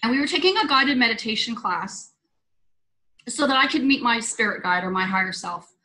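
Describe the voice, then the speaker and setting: Bright-voiced woman hosting a call. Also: fairly high pitch, animated, normal speed, low-quality recording. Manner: earnest storytelling, loose and conversational. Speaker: host. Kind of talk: spiritual roundtable talk. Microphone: video call.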